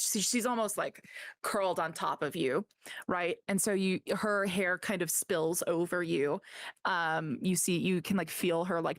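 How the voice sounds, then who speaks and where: A woman's voice: on the low side, no echo, studio quality. A woman game master narrating a tabletop scene in a loose, rambling way with many fillers.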